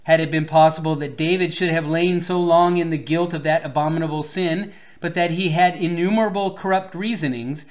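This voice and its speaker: A man preaching a sermon, reading an old theological text aloud and stopping now and then to explain a word or fix a slip. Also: fairly high pitch. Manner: reads archaic text aloud, stops to explain words, restarts.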